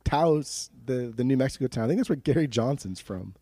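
A man's voice: mid-range voice, animated, a little fast, mellow, breathy edge, dry recording. A young man co-hosting a podcast in a casual chat, laid-back and swearing, with frequent restarts. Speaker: podcast co-host.

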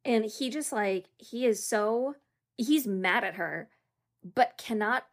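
A woman co-hosting a casual chat, animated and quick to laugh, often trailing off mid-thought. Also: a little high. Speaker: podcast co-host.

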